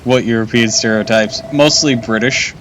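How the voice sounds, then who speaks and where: A man's voice: mid-range voice, steady tone, normal speed, fairly bright tone, slight background noise, low-quality recording. A man streaming a game live, chatting casually, laughing often and swearing.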